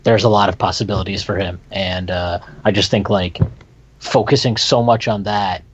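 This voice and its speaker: A man's voice: sits low, fairly even intonation, moderate pace, slight background noise. A man co-hosting a casual sports talk show, blunt and emphatic, getting fired up as he argues. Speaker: podcast co-host. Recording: dull lo-fi sound.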